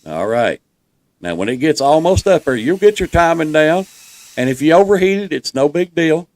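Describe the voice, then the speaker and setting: Fairly high-pitched and animated, this man talks at a normal speed. His Southern US accent colors a folksy walkthrough, as he reassuringly guides viewers through each stage of the gameplay.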